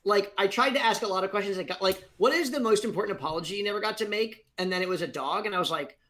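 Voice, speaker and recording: A man's voice: high-pitched, fast. A man on a game stream, explaining his reasoning with lots of fillers and acting out his own reactions. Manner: animated, acts out quotes, hesitant fillers. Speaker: game-night guest player. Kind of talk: casual chat among friends.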